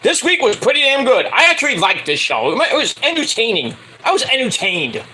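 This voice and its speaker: A man's voice: extremely high pitch, wildly swooping pitch, fairly quick, sharp tone, slight background noise. A man casually reviewing a wrestling show, rambling and cursing as he corrects himself. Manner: rambling, profane, self-correcting. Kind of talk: casual recap vlog.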